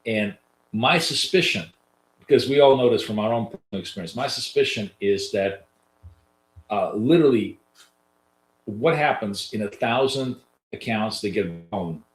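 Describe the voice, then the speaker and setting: A nasal man with a lowish voice talks viewers through live trades, loose and chatty, with plenty of fillers. The sound is roomy and echoey. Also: expressive, moderate pace, pauses often. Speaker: trading coach hosting a live stream. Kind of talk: live trading commentary to viewers. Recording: roomy echo.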